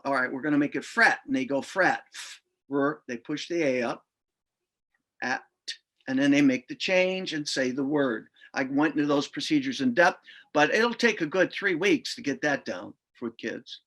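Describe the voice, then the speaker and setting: A man's voice: fairly high pitch, fairly bright tone. A middle-aged man explaining reading lesson procedures in an informal way, sounding out letters aloud as he goes. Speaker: reading instructor. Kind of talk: instructional explanation.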